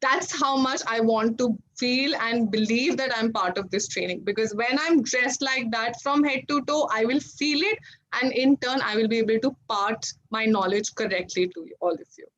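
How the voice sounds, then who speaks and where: A woman, a voice and trainer giving an energetic, encouraging online workshop lecture from her desk at home. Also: a little high, normal speed. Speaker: voice and accent trainer. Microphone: video call. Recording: dull lo-fi video call audio.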